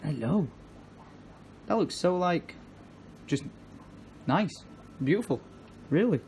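A young man, chatting excitedly in a casual vlog and often breaking into laughter. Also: a little high, vocal fry. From England. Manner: excitable, laughing, quick exclamations. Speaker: vlogger. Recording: faint background noise.

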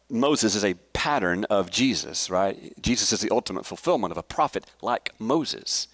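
A man's voice: lowish voice, fairly bright tone. A man teaching a church Bible study in a conversational way, asking the congregation questions, enthusiastic, with restarts and fillers. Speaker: pastor.

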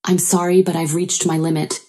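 Woman reading a son-in-law pushed to his limit, strained and desperate, in a narrated story. The voice is low and mellow, read in a level way. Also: level tone, brisk, lightly acted.

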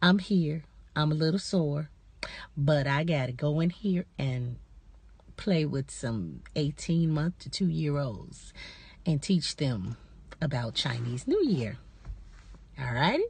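Slow, lively-voiced woman chatting to viewers. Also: low-pitched, slightly rough, no room sound. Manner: chatty, addresses viewers as y'all. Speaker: vlogger. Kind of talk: casual personal vlog.

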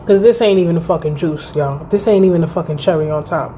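A woman in her thirties telling a personal story to her channel in a casual, animated and profane way, acting out both sides of the conversation. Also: on the low side, fast, a little hiss or hum. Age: 30s. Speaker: vlogger. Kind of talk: storytime vlog.

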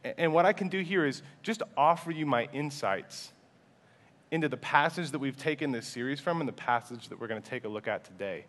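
A man's voice: mid-range voice, lively intonation, a little fast, fairly bright tone. Earnest young male preacher. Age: 20s. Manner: humble, earnest, with frequent restarts and fillers. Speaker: pastor. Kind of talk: sermon. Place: church.

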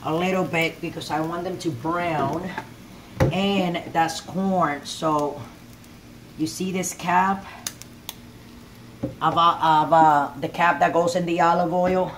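This cooking show host, a middle-aged woman filming at home, talks slowly with long pauses in a fairly low, fairly even voice over background noise. Her casual demo wanders chattily, and she keeps asking "you know what I'm saying?" to make sure viewers are with her.

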